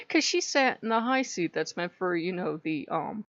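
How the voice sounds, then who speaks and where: A woman's voice: lowish voice, lively intonation, slow pace, pauses often, a bit bright, no echo. Blunt, swearing woman vlogger, dull lo-fi sound. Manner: blunt, swears freely, laughs often. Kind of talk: casual vlog chat. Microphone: built-in camera mic.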